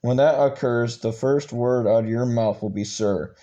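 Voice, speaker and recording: A man reading aloud and voicing a harsh, bullying male Marine drill instructor who growls crude orders, with halting restarts. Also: mid-range voice, dark tone, close to an everyday voice, low-quality recording. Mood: barking.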